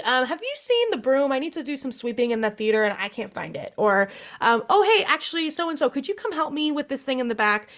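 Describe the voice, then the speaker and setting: A young adult woman, a licensed therapist, giving a friendly, lively workshop talk with frequent "um"s. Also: mid-range voice.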